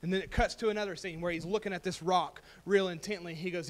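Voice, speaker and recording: A man's voice: high voice, steady tone, fast talker, hardly any pauses. A man preaching a sermon, telling a story and building to emphatic, rising points. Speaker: pastor.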